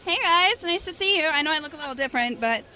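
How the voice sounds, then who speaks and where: A woman's voice: high voice, lively intonation, fast talker, pushed and bright. A woman, a regular on the show, chatting in a bubbly, flirty way on a convention floor. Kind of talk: casual chat.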